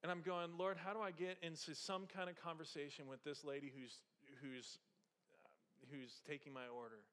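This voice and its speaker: A male pastor preaching a sermon, moving from soft conversational storytelling with humor to raised, passionate exhortation. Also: fairly high pitch, little pitch movement, moderate pace.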